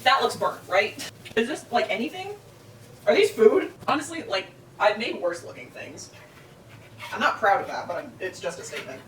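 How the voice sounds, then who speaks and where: A man's voice: high voice, sing-song, moderate pace, fairly bright tone. Rambling, self-mocking young man vlogging. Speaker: baking vlogger. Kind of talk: casual solo vlog chat while baking. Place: home kitchen. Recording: roomy, distant, noisy home recording.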